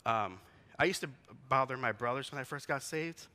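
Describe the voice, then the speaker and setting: A man's voice: medium pitch, normal speed, sharp tone. A man in his forties, a pastor giving a conversational sermon in a church, telling stories and asking the congregation questions. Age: 40s.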